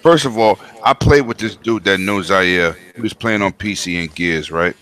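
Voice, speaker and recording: A man's voice: low voice, a bit bright. A man hosting a casual gaming podcast, emphatic and slangy, on a home mic. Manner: emphatic, slangy, quick interjections. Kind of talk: casual chat.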